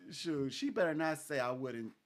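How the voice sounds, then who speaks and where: Chatting casually with a client, a psychic reader rambles, laughs frequently and acts out others' quoted speech. He speaks a little slowly in a fairly high, expressive voice.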